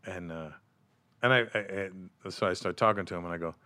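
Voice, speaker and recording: Lower male voice, quick delivery, animated comic storyteller for a casual podcast chat. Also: smooth. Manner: animated storyteller, drops to hushed tones for anecdotes. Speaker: comedian.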